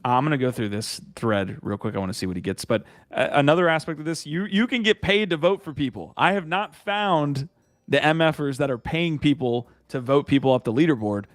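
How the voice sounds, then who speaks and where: A man's voice: mid-range voice, brisk, dry recording, clean studio sound. A man hosting a casual podcast who rambles, restarts his sentences and laughs as he talks. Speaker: podcast host. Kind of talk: casual chat.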